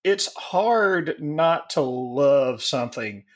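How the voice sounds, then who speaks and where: A man in his forties musing crudely and slowly in a casual podcast chat. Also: fairly high pitch, animated. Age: 40s. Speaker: podcast co-host.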